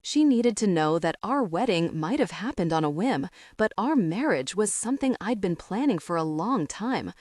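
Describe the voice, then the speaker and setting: A woman's voice: medium pitch, lively intonation, normal speed, hardly any pauses, a little mellow, no echo, clean studio sound. Intimate woman narrating an audiobook. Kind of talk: scripted narration.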